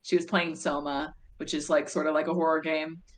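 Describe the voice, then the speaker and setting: A woman's voice: sits low, flat delivery, a little fast. A woman co-host on a video call, chatty and enthusiastic, teasing her guest. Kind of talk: casual video-call chat.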